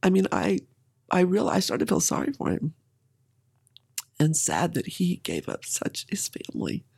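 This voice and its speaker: A woman's voice: fairly low pitch, huge pitch swings, moderate pace, creaky, darkish tone, slightly rough. A middle-aged woman candidly telling a personal story in an interview, with emotion and occasional laughter.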